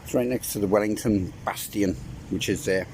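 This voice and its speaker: A man's voice: on the low side, normal speed, darkish tone, a little hiss or hum. A middle-aged man giving a casual walking tour outdoors, talking to his viewers with chatty, wry asides. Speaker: travel vlogger. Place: outdoors, walking through town streets and a park.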